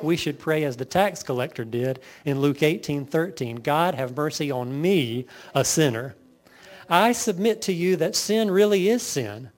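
A man preaching a sermon, firing off lists and rhetorical questions to his congregation. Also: fairly high pitch. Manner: lively preaching, lists sins in rapid bursts, rhetorical questions. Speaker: pastor.

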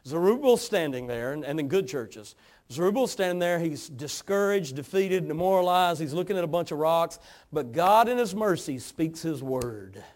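A man preaching with fervent emphasis in a notably high voice. He repeats words for effect and drives phrases hard, sweeping between quiet asides and loud declarations. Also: expressive, normal speed. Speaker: pastor. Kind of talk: sermon.

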